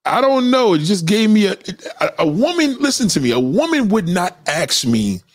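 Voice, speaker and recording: Guy ranting on his livestream, swearing a lot, lively up-and-down voice, kinda high, dry close mic. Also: normal speed, no room sound. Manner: animated, profane, mocking commenters. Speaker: livestream host. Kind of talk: casual livestream rant.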